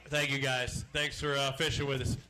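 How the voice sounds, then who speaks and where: A man's voice: medium pitch, level tone, moderate pace, a crowd in the background. A man hosting a live outdoor fishing weigh-in, joking and chatty as he calls out names and weights. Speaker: weigh-in emcee. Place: outdoor lakeside weigh-in stage.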